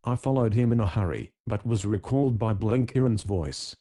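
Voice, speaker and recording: A man narrating an audiobook in scripted style. His voice is mellow and relaxed. He keeps an even, measured pace through the story. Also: fairly low pitch.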